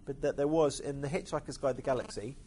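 A man preaching a sermon, pausing often with hesitant fillers. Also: medium pitch, darkish tone, a little hiss or hum.

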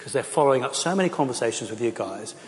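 A man's voice: medium pitch, lively intonation, quick pace, a little hiss or hum. A middle-aged man, a pastor, speaking earnestly and with passion to a church audience, with frequent fillers. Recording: echoey hall.

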